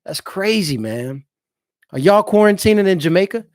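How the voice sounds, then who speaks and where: A man's voice: high-pitched, lively intonation, normal speed, no room sound. A married man hosting a casual live stream from his home, chatting loosely and directly with his viewers. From eastern United States. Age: adult, married father. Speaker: livestream host.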